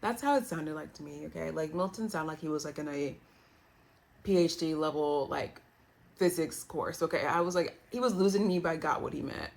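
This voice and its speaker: A woman recapping a reality show in a casual, animated, playful way. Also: deep voice, fairly quick, creaky. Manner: animated, playful, quotes others in put-on voices.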